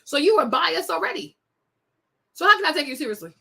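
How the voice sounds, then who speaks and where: A young woman from West Africa, talking to her viewers with a high, bright voice. She speaks with emphasis, laughs often, and calls her audience y'all and girl, like an unfiltered vlog host. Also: very animated, a little fast, vocal fry. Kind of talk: casual monologue to viewers.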